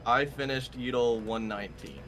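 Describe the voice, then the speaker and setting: A man's voice: medium pitch, normal speed, a bit bright, faint music behind. A young man speedrunning alongside a friend, chatting in an easygoing, teasing way. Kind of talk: casual chat while gaming.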